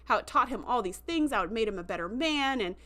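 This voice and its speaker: A woman's voice: a little high, animated, quick pace, a bit bright. A woman hosting a livestream, chatting casually through an episode recap with lots of fillers and acted-out quotes. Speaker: show host.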